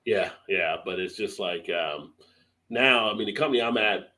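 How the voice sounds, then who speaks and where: A man's voice: on the low side, moderate pace, sharp tone. A man hosting a live stream, chatting casually and loosely, swearing and laughing often. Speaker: beer channel host.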